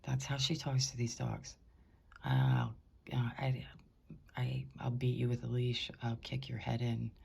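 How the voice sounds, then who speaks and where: A woman speaking in a hushed, indignant way, often whispering, as she records from her bedroom on a top floor. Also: extremely low pitch, vocal fry, slightly rough. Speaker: concerned housemate.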